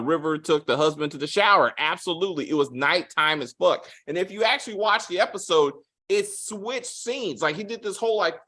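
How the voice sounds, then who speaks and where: A man hosting a casual spoiler review of a TV episode, animated and profane, acting out quotes with big swings in his voice. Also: fairly high pitch. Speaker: TV review host.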